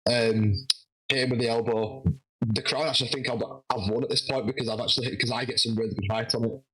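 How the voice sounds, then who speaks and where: A man telling a lively story in a casual interview, acting out what people said. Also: medium pitch, fast, husky, poor audio. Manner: animated, acts out quoted dialogue. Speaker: guest wrestler.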